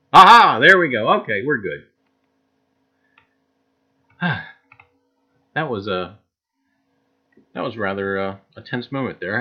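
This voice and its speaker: A man with a New Jersey accent hosting a live stream, greeting chat viewers by name with lots of "uh"s. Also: mid-range voice. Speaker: livestream host. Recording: dull lo-fi stream audio.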